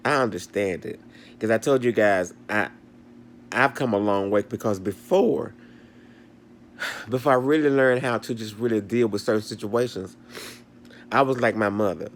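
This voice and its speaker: Speaking at a moderate pace and pausing often, a man with a low-side voice gives an animated storytime rant from his bedroom, laughing frequently and dramatizing the retelling. He's a vlogger, and a little hiss or hum is audible.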